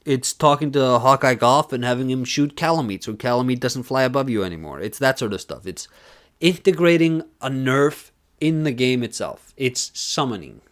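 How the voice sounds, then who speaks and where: A man's voice: medium pitch, moderate pace, a bit bright. Male streamer, casual rambling commentary, filler-heavy, jokey. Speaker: streamer reacting to a conference talk.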